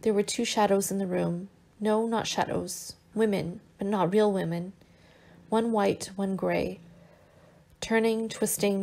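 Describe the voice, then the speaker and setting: Woman reading a novel, gravelly voice. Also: medium pitch, a little mellow. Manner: measured, in short unhurried phrases. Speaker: audiobook reader. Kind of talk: audiobook narration of a novel.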